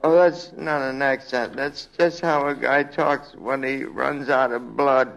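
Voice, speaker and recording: An actor playing a folksy older senator who jokes in a slow drawl in a 1940s radio comedy. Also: male voice, mid-range voice, fairly even intonation, gravelly, very noisy. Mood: joking. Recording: dull old radio recording.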